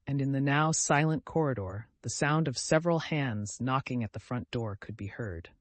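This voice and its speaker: This scripted audiobook narration comes from a man of medium pitch whose storytelling stays steady and measured. The recording is dry, without any room sound.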